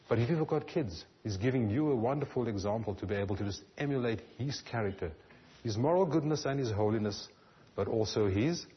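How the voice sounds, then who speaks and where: A man with a fairly low voice preaches a sermon in an earnest tone. His phrases often trail off softly at the ends. The recording sounds dull and lo-fi. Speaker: pastor.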